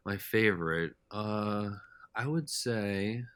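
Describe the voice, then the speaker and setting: Low-voiced man rambling through stories. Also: slow, a bit bright, clean tone, no echo. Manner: rambling, loose and talkative. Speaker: podcast guest. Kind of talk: casual storytelling chat.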